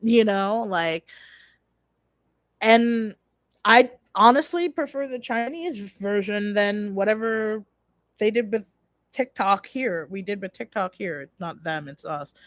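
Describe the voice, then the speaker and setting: A woman's voice: medium pitch, slow, dry recording. A young woman hosting a casual livestream, talking in a rambling, blunt way, full of fillers and restarts, with casual swearing. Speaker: livestream host.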